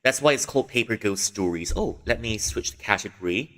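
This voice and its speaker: A man's voice: fairly low pitch, animated, a little fast, a bit bright, in a large hall. Chatty man streaming a game. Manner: chatty, explains with examples, frequent fillers and restarts. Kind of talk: casual game livestream commentary.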